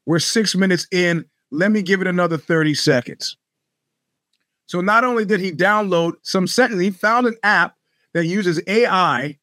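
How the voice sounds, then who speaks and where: A man's voice: sits high, normal speed, bright, forceful tone, no room sound, clean studio sound. A man hosting a show, telling rambling, sardonic stories with plenty of profanity. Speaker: podcast host. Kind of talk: casual monologue.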